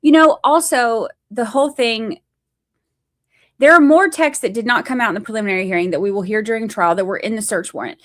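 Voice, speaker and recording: A woman's voice: on the high side, a little fast, fairly bright tone. A woman talking casually as a livestream commentator on a court hearing. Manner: casual, conversational. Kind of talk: live commentary.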